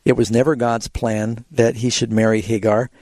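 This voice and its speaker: A man hosting a call-in radio program about the Bible, speaking at an ordinary middle pitch in a patient, teacherly manner. His voice sits close and dry on a studio microphone with no room sound. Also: little pitch movement, normal speed, darkish tone, no room sound. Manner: patient, teacherly, tells illustrative stories. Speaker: radio Bible answers host. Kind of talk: call-in radio Q&A, explaining scripture.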